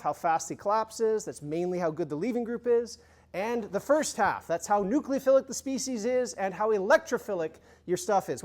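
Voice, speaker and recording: A man with a high voice gives a relaxed, conversational chemistry lecture at a university, firing review questions at the class and adding humorous offhand comments.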